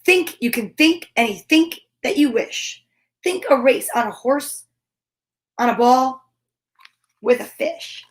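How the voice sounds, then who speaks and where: A woman's voice: high-pitched, animated, takes it slowly, pauses often. A woman comedian reading a rhyming children's book aloud, breaking off into nervous, whispered asides. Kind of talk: comic read-aloud with asides.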